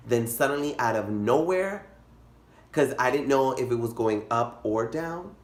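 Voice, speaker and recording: A young man telling a comic story in a vlog, animated and dramatic, jumping into high squeals. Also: normal speed. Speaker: vlogger. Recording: echoey room.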